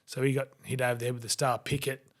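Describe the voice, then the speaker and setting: An Australian man in his forties tells his stories as a podcast guest, his voice at an ordinary middle pitch. He acts out the people he quotes along the way. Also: fast talker. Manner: animated anecdotes, acting out quoted voices. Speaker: guest, former rugby league player. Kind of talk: storytelling in a podcast interview.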